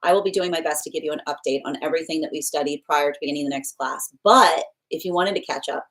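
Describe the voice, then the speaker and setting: A woman's voice: sits low, fast talker, fairly bright tone. A young adult woman hosting a tarot livestream, chatting casually with viewers and laughing often, with many restarts. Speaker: tarot reader and livestream host.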